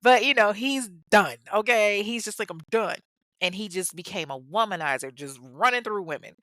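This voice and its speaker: A woman's voice: medium pitch, normal speed, a bit bright, dry recording. A woman with children telling a true crime story in a casual, blunt and profane way, full of sarcasm. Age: adult parent.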